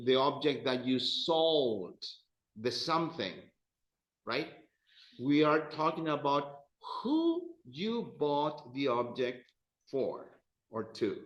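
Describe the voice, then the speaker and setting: A man teaching a grammar class, playful and animated, repeating phrases and addressing students. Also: a little high, roomy sound, dull audio. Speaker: Spanish teacher.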